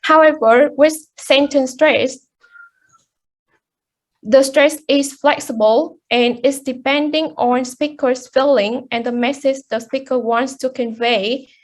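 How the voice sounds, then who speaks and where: High-voiced young woman presenting in class. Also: fairly even intonation, takes it slowly. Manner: hesitant, many fillers and restarts. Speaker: student presenter.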